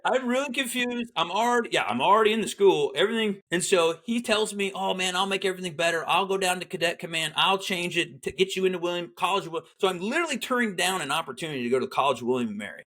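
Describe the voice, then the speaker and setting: A middle-aged Army veteran, appearing as a guest, tells his military story in casual conversation. His voice is high-pitched and fast with few pauses, and he animatedly acts out the people he quotes.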